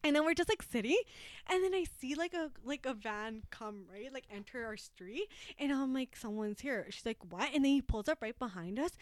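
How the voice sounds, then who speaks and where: A woman's voice: high voice, lively intonation, brisk, no room sound. A young woman, chatting casually and telling a story, acting out quotes and laughing often. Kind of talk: casual chat.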